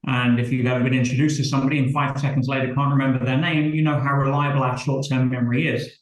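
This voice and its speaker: A man's voice: mid-range voice, little pitch movement, quick pace, reverberant, rough recording. A man speaking as an interview guest, explaining his ideas in an articulate way. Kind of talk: interview answer.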